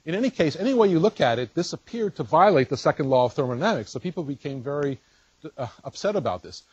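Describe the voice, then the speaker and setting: A man's voice: fairly high pitch, big pitch swings, fast talker, a little mellow, husky, dry recording, highs cut off. A man lecturing at a university physics colloquium, explaining step by step with fillers and restarts.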